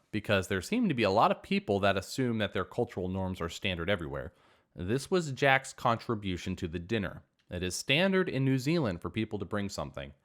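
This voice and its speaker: A man reading online revenge stories aloud as a narrator, with an animated, expressive delivery. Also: fairly low pitch. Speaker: story narrator.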